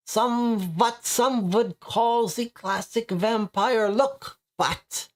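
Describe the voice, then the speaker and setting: A man's voice: high-pitched, voice pushed up, full character voice. A man reading aloud as a theatrical man who role-plays a vampire, stretching his words in an affected way. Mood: grandiose. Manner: slow, drawn-out, affected vampire speech.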